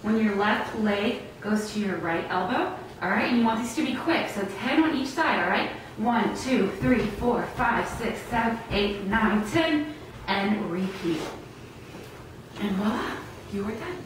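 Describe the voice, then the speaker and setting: A woman's voice: medium pitch, expressive, a little slow, heavy reverb, far from the mic, slight background noise, poor audio. A woman presenting a fitness segment, coaching viewers through exercises in an upbeat instructional way and calling out reps. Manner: upbeat instructional, says "y'all" and "all right?". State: a little out of breath. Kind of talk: demonstrating a workout on a TV show.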